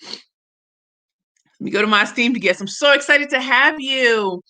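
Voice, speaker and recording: Bright-voiced, effusive woman livestream host. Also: high-pitched, slow. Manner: effusive, greets viewers by name and reads comments aloud; slangy and emphatic. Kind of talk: casual livestream chat.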